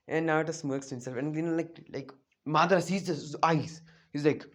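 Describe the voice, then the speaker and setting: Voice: medium pitch, fairly even intonation, a little fast. A fan storyteller casually narrating an anime what-if plot off the cuff, rambling with many fillers and self-corrections.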